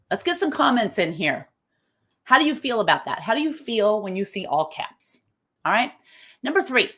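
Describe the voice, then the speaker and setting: A woman hosting a live online talk, emphatic and animated, asking her audience questions as she goes. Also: medium pitch. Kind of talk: lively live-stream talk.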